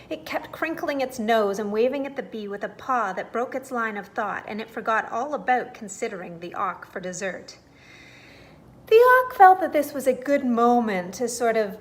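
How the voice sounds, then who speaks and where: A woman reads a children's bedtime storybook aloud with expressive, animated narration. Her voice sits a little high.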